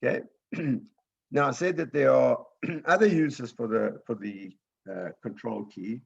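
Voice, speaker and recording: A man's voice: mid-range voice, measured pace, gravelly, breathy edge, dull audio. A man teaching a beginners' computer class, explaining step by step patiently and often checking in with "right?".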